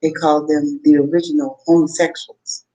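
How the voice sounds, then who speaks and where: A woman's voice: deep voice, level tone, moderate pace, warm tone, rough recording. Rambling woman vlogger. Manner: rambling, laughs often, talks to viewers directly. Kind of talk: rambling casual livestream chat.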